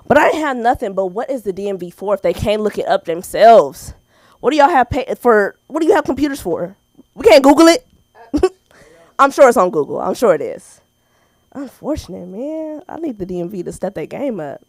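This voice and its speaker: Animated woman telling stand-up stories. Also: medium pitch, normal speed, no echo. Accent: American. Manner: animated storytelling with acted-out quotes and laughs. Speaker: stand-up comedian. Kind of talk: stand-up set at an open mic.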